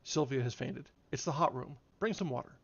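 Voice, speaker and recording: A man's voice: medium pitch, fairly quick, breathy edge. A man voicing a dignified, reproachful young woman. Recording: slightly dull, faint music behind.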